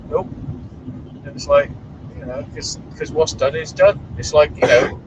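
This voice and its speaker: A man's voice: on the high side, slow pace, highs cut off. A man chatting casually while driving, blunt and swearing as he tells stories. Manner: blunt, swearing, animated storytelling. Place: in a moving car. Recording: distant voice with clear background noise.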